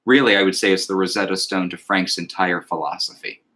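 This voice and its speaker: A man in casual conversation about music, reflective and thoughtful, sometimes slowing to recite lyrics in a measured cadence. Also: deep voice, fairly even intonation, sharp tone. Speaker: podcast co-host.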